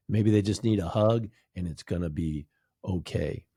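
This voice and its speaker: Low, mellow-voiced male host. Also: normal speed, slightly rough, no echo, studio quality. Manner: affirming, ties guest's points to anecdotes. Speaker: podcast host. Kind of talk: conversational interview hosting.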